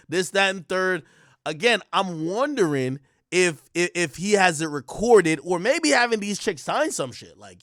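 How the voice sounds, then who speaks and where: Young adult man, high voice, excitable casual rant, loud profane bursts, dry close sound. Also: measured pace, no echo. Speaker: streamer and commentator.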